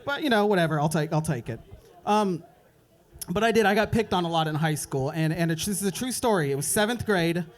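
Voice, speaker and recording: A young man doing a stand-up set at an open mic night, telling a rambling story and dropping into quick voices for the people in it. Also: high voice. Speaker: stand-up comedian. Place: open mic comedy club.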